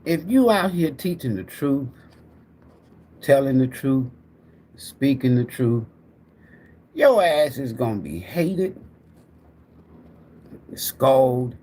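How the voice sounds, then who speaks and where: Middle-aged male livestream host, preachy and profane, very lively intonation. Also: medium pitch, slow pace, pauses often, slight background noise. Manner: animated, profane, preacher-like, addresses viewers directly. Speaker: tarot reader and livestream host. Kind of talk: rambling preachy livestream talk.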